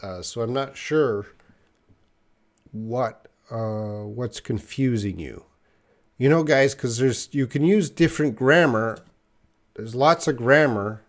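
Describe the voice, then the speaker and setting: A man's voice: mid-range voice, slow. A man teaching a live online English lesson, patiently explaining grammar and answering viewer questions.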